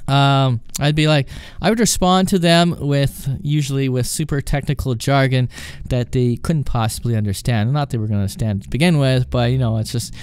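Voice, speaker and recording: Canadian male podcast host, mid-pitched, smooth and dry, lively storyteller who acts out calls. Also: moderate pace, no echo. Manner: animated, acting out quoted phone calls. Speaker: podcast host and former call-centre agent. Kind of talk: casual storytelling.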